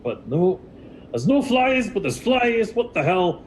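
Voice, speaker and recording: A man's voice: high voice, big pitch swings, a little slow, darkish tone, slight background noise, pitched above the performer's own voice. Man playing a flustered, jumpy guy. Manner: flustered, exasperated. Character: jittery young man hearing phantom flies.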